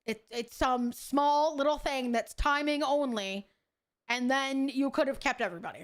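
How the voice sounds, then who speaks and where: A woman's voice: high-pitched, normal speed. A young adult woman streaming a game, talking casually with chat, swearing and laughing in exasperation between affectionate greetings. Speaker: VTuber streamer.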